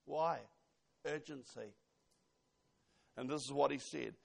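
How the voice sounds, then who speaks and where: A man's voice: on the high side, measured pace, gravelly, long pauses. A man preaching a sermon, emphatic, quoting scripture and asking the congregation questions.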